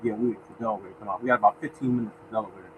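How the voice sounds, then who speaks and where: A man's voice: fairly low pitch, fairly even intonation, rapid-fire, a little hiss or hum, poor audio. A man hosting a casual live lottery stream, chatting with viewers, greeting them by name and reading out winning numbers. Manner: mutters softly to himself while searching. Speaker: lottery show host.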